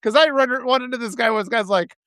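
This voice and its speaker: A man hosting a live video, telling rambling, animated anecdotes full of restarts. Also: extremely high pitch, fast, no echo, studio quality. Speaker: live-stream host. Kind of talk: casual storytelling on a live video.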